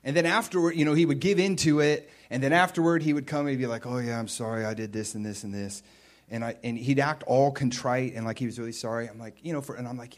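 A man preaching a sermon in a conversational way, with emphatic bursts and quieter stretches. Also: mid-range voice, quick pace. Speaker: pastor.

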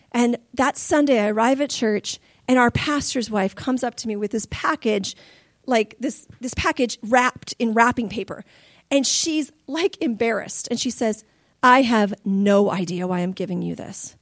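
Brief: high-pitched woman preacher, animated storyteller, dry close sound. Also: normal speed, dry recording. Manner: animated storytelling, laughing and crying through stories. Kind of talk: sermon testimony.

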